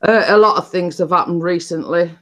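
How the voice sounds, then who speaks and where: A woman's voice: lowish voice, brisk. A woman hosting a chatty live stream, telling stories in a rambling way with many restarts.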